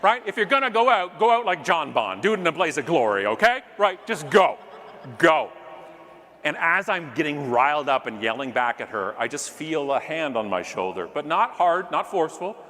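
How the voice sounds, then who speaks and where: Animated man telling a story on stage. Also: a little high, moderate pace. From Canada. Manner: animated, acts out yelling characters, jokey asides. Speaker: keynote speaker. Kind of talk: comedic keynote storytelling. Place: large conference hall stage. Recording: long hall reverb, faint room noise.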